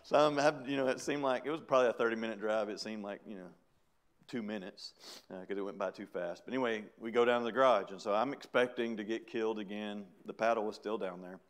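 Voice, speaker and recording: A man's voice: lowish voice, quick pace. Middle-aged man telling a sermon story. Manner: storytelling, chatty, with laughs. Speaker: preacher giving testimony. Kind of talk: sermon testimony.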